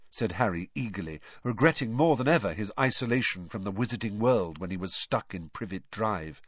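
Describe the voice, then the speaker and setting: A man narrating an audiobook in an expressive storytelling manner. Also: fairly low pitch, fairly quick, hardly any pauses, dry recording, dull audio. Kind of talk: scripted narration.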